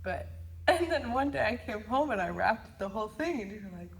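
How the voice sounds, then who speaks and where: A young woman talks with a slightly high voice in a chatty, teasing way. Faint noise sits in the background of the recording. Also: lively intonation, a little fast, vocal fry. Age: young adult. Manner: chatty and teasing, often laughs. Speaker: co-host and daughter. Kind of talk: casual chat.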